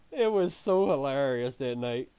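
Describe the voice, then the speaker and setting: A man's voice: medium pitch, dark tone, clear, resonant tone, no echo. A man streaming, telling a story in a casual way, laughing often and swearing freely.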